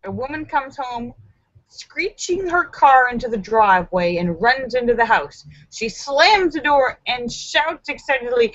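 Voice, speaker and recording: A woman's voice: a little high, expressive, measured pace, fairly bright tone, no room sound, highs cut off. A woman hosting a live stream, reading jokes aloud with playful comic asides. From United States.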